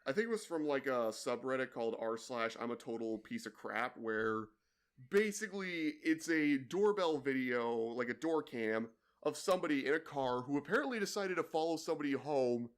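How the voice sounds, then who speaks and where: This young adult man, a podcast co-host, tells a work story at a moderate pace in a smooth, expressive, medium-pitched voice. It's casual chat, rambling and littered with "like" and "you know".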